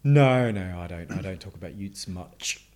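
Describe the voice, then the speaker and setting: A man's voice: sits low, expressive, moderate pace, darkish tone. A man co-hosting a podcast in casual chat, teasing his co-host and steering the conversation.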